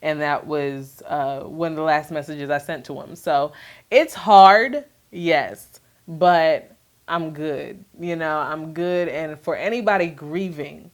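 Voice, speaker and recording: A woman talking candidly to camera in a soft, reflective way, with many fillers. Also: low voice, takes it slowly. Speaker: vlogger sharing her grief. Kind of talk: candid personal talk to camera.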